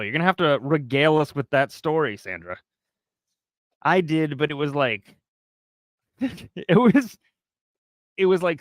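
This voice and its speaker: A man's voice: on the high side, dry recording, studio quality. A man hosting a livestream, chatting casually with viewers, laughing often and reading a story aloud. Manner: chatty, lively, laughs between remarks. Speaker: livestream host.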